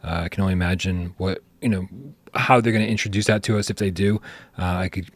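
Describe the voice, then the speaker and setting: Low-voiced man, dry podcast sound. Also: fairly even intonation, no room sound. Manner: measured, thoughtful, hedging with fillers. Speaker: podcast host. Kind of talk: casual gaming podcast chat.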